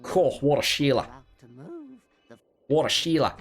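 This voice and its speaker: A man doing a broad Australian bloke, all exaggerated drawl and cheek. The put-on is rough and playful, with soft music running underneath. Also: high voice, normal speed, pitched above the performer's own voice. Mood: jokey. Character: broad, jokey Australian bloke greeting women.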